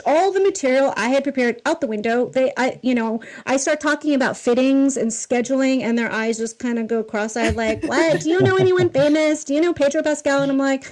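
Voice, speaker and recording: A woman guest on a podcast, a film costumer, telling casual stories with an animated, self-deprecating manner and frequent laughter. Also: high voice, low-quality recording.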